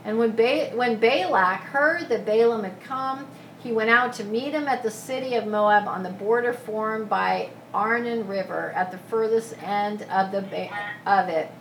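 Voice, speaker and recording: A woman preaching a sermon, retelling a scripture story in a lively, casual way with asides. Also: a little high, a little slow, slight background noise. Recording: echoey room from a distance.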